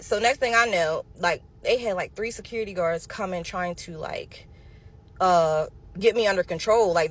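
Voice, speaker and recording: Chatty woman telling a storytime. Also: medium pitch. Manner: animated, chatty, addresses viewers as y'all and honey. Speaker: vlogger telling her own story. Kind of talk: casual storytime monologue.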